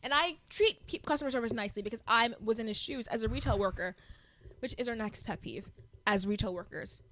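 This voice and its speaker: A young adult woman co-hosting a podcast, chatting casually and telling animated stories with frequent laughter. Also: on the high side, fairly quick. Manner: animated storytelling, laughing often. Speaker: podcast co-host. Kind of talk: casual chat.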